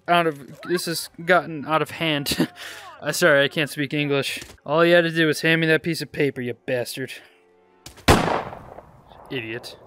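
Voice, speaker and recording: A man's voice: on the high side, pushed and bright. A young man giving casual, joking gameplay commentary, sarcastic and swearing often. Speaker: gaming YouTuber.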